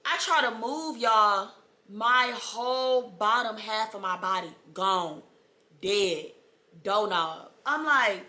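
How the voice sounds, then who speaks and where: A young woman, dramatically telling the story of her birth in a casual storytime vlog, with laughter and sudden loud outbursts. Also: fairly high pitch, measured pace. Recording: echoey room.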